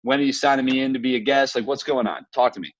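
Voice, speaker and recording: A man's voice: medium pitch, steady tone, fast talker, muffled recording, slight background noise. A man hosting a casual conversation, talking earnestly and reflectively, often telling short stories with quoted asides. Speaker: podcast host. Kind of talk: casual video-call conversation.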